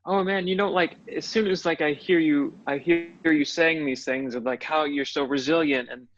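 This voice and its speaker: A man's voice: on the high side, steady tone, moderate pace, fairly bright tone, a little hiss or hum. A man who is an actor, telling stories in a reflective way as a guest in a casual interview. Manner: reflective storytelling. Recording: dull, dry audio.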